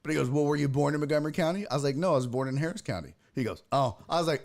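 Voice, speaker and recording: A man's voice: on the high side, very fast, gravelly, hardly any pauses, darkish tone. A man from Texas, hosting a podcast and telling a story in a casual, profane, ranting way. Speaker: host.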